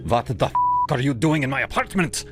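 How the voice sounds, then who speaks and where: A man's voice: medium pitch, expressive, a little fast, music in the background, pitched above the performer's own voice, close to an everyday voice. A man voicing an enraged older man in his fifties with an Eastern European accent, bellowing and growling in broken English.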